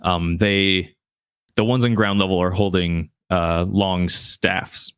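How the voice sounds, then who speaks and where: A man narrating as game master of a tabletop game, halting and restarting as he describes scenes. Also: low-pitched, steady tone, fairly bright tone, smooth, dry recording, studio quality. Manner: halting, many restarts and fillers.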